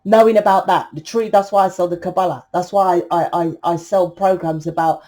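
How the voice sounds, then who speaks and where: A woman's voice: on the low side, steady tone, brisk, dark tone. A woman giving a collective tarot reading, blunt and preachy, with frequent swearing and emphatic repeats. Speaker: tarot reader.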